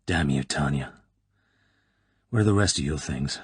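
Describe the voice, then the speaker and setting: A man's voice: very deep voice, normal speed, breathy edge, dry recording, pitched below the performer's own voice, exaggerated voice. A man voicing a cool, sarcastic British spy in an audiobook reading. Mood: cool sardonic.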